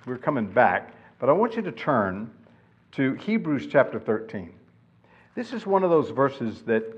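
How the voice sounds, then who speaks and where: A man's voice: medium pitch, breathy edge. A man preaching a sermon, emphatic and asking his listeners questions. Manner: emphatic, asks the congregation questions. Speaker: pastor. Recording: dull lo-fi sound.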